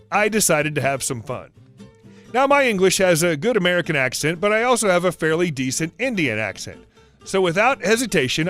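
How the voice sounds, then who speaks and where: Lively high-voiced male story narrator. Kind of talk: reading online stories aloud. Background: faint guitar music.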